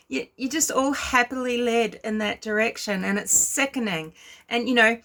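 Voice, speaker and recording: A woman's voice: a little high, normal speed, a bit bright. A woman giving ranting commentary, scornful and lecturing her viewers. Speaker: commentary vlogger.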